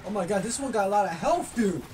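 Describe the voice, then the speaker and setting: Excitable gamer yelling over music. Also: mid-range voice, quick pace, far from the mic. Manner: excitable, yelling and swearing at opponents. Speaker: gaming YouTuber. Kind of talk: loud gaming commentary.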